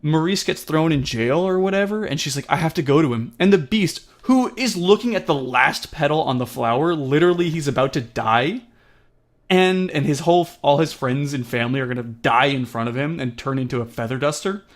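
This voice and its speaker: A young man co-hosts a casual movie review podcast. He rambles and laughs, slipping into quick voices. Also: fairly high pitch. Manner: rambling, laughing, animated impressions. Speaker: podcast co-host.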